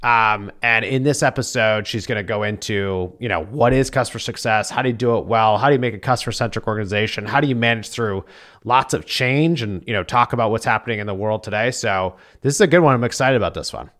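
A man's voice: fairly low pitch, fast, a bit bright. Upbeat man co-hosting a podcast. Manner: upbeat, enthusiastic. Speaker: podcast co-host. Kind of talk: casual chat.

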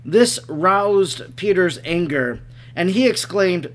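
A man narrates a religious text aloud with a measured, even delivery. His voice sits notably high for a man. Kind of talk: scripted narration of a devotional text.

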